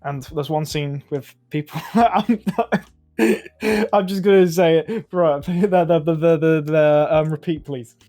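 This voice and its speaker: A man's voice: a little high, unhurried, dark tone, faint music behind. A man co-hosting a casual podcast, retelling film scenes with frequent laughter. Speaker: podcast co-host.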